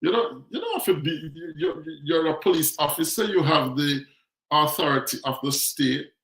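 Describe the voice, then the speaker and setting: A man's voice: on the high side, expressive, normal speed, a bit bright. A Jamaican man hosting a casual talk show, chatting and telling stories about life back home, acting out the people in them. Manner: chatty, storytelling, acts out quotes. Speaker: show host. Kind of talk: casual commentary monologue. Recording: roomy echo.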